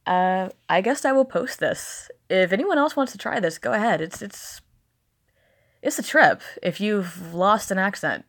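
A woman's voice: medium pitch, animated, unhurried. A woman vlogger from the American South with a slight Southern accent, talking candidly and casually, swearing now and then. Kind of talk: casual vlog monologue.

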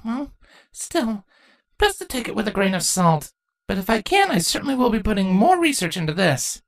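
A woman's voice: mid-range voice, very animated, normal speed, dry recording, clean studio sound, pitched above the performer's own voice, natural voice. A woman voicing a young, studious female changeling princess who sounds eager and curious, in a fan fiction reading.

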